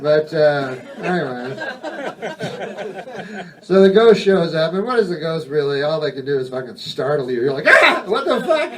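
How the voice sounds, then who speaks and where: A man's voice: fairly high pitch, moderate pace, pauses often, crowd noise. A male stand-up comedian doing a rambling, profane routine that keeps interrupting itself. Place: comedy stage before a live audience. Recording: distant mic with audience laughter.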